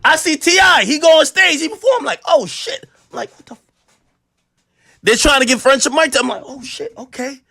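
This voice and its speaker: A man telling a story in a casual, profane, animated way and acting out the quotes. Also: extremely high pitch, moderate pace, dry recording, clean studio sound.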